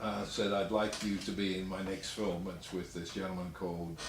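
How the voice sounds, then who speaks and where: An actor guest, laid-back and blunt, telling anecdotes in an interview. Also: male voice, low-pitched, fairly even intonation, normal speed. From Australia. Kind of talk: storytelling interview. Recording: echoey room, mic far off, faint noise.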